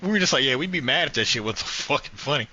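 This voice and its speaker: A man's voice: medium pitch, lively intonation, quick pace, noisy background. A man co-hosting a podcast, telling gaming stories in casual chat and swearing freely. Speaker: podcast co-host.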